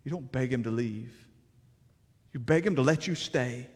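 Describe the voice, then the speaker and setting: A man preaching a sermon with emphatic delivery and rhetorical questions, swinging between loud declarations and hushed passages. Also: mid-range voice, moderate pace, long pauses, breathy edge, in a large hall. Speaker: pastor.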